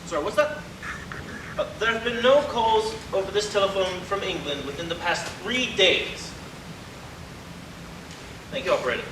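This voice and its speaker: A man's voice: high-pitched, normal speed, long pauses, close to an everyday voice. A man acting in a community stage play, playing an acerbic, scheming older celebrity critic with a sardonic, theatrical manner. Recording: echoey hall from far off, noise.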